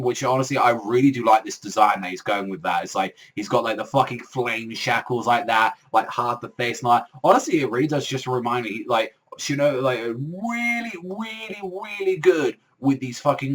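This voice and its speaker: A man's voice: mid-range voice, husky. A young man casually reviewing a manga chapter, rambling with heavy swearing and constant filler words.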